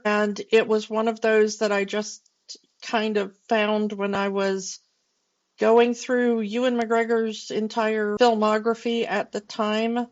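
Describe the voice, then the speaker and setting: A woman's voice: medium pitch, muffled recording. A woman in her forties, co-hosting a casual film podcast and rambling loosely with plenty of fillers and restarts. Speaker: podcast co-host.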